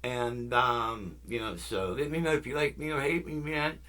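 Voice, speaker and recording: A man's voice: medium pitch, steady tone, normal speed, pushed and bright. A man hosting his own music channel, chatting casually and rambling through tangents, fillers and jokes aimed at his viewers. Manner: laid-back, jokey, talks straight to viewers. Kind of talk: casual rambling vlog chat.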